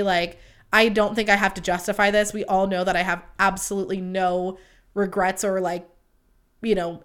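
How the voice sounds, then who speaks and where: A young adult woman hosting a podcast, telling a dating story in a chatty, profane way and acting out quoted lines. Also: mid-range voice. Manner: chatty, profane, quoting others in lively voices. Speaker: podcast host. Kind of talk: casual storytelling monologue.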